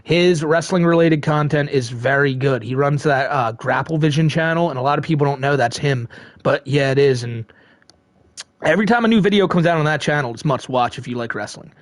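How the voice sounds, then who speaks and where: A man's voice: a little high, fairly quick, no room sound, clean studio sound. A man hosting a live stream, chatting casually and answering chat, profane and rambling, laughing often.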